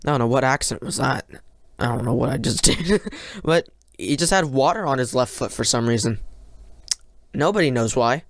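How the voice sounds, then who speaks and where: A podcast host giving a casual solo race review, talking in an excitable, rambling way that often breaks into rants, with many fillers and restarts. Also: medium pitch, normal speed, creaky, no room sound, clean studio sound.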